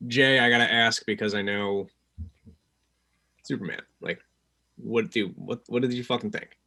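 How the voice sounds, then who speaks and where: A man's voice: lowish voice, fairly even intonation, moderate pace, vocal fry, bright, forceful tone. A man co-hosting a casual movie podcast, earnestly explaining points and raising new topics. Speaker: podcast co-host. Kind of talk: casual movie review chat.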